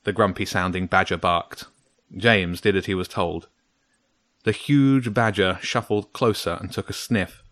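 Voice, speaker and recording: Male storybook narrator, lower voice, dry close sound, measured and steady. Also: dry recording.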